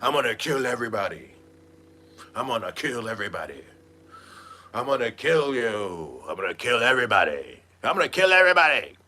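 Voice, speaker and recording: A man mimicking a furious woman who keeps repeating fast threats. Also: mid-range voice, big pitch swings, bright, forceful tone, voice pushed down, exaggerated voice. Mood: raging. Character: raging woman threatening to kill everyone.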